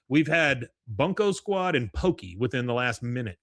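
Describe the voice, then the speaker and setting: A man casually recapping a cartoon episode on a podcast. His voice sits at a middle pitch, and his talk is loose and rambling. The sound is dry and close, with no room echo. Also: very animated, normal speed, fairly bright tone. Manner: loose, rambling, with frequent uh fillers and crude jokes. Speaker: podcast host.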